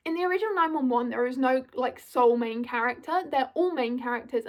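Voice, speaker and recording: A young British woman talking casually through a fandom video essay, chatty and full of apologetic asides. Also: high voice. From United Kingdom.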